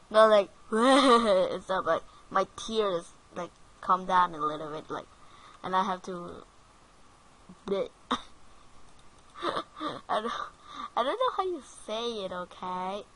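A woman's voice: mid-range voice, expressive, takes it slowly, long pauses, a bit bright, low-quality recording. A woman narrating her own game play in casual commentary, giggling often and easily frightened. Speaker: gaming channel host.

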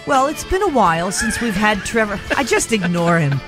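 A woman hosting a talk radio show, chatty and quick to laugh. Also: medium pitch, big pitch swings, music in the background. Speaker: radio host. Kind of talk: casual talk radio chat.

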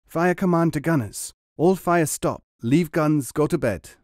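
A man's voice: a little high, measured pace, a little mellow, no room sound, studio quality, voice pushed up, close to an everyday voice. A man voicing a cheerful male Russian soldier who speaks choppy, broken English with boastful glee. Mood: gleeful.

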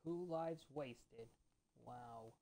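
A low, dark-toned woman talks through a video game run. She grumbles and curses at enemies, her voice jumping up sharply when annoyed, then apologizes for the swearing. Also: very slow, low-quality recording. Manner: pitch jumps high when annoyed. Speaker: let's play gamer. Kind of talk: casual gameplay commentary.

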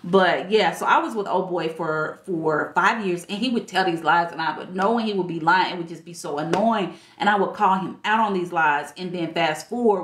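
A woman speaking in a casual style, chatting bluntly and animatedly as a dating life coach on a livestream. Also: on the low side. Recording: echoey room.

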